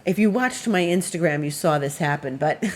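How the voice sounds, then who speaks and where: A woman's voice: deep voice, lively intonation, moderate pace. A woman astrologer giving a casual weekly forecast, chatty and meandering with plenty of fillers.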